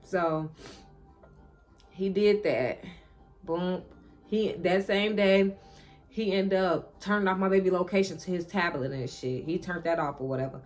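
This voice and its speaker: A woman telling a personal story straight to her viewers in a casual, animated and profane monologue. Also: lowish voice, measured pace, long pauses, faint music behind. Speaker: vlogger.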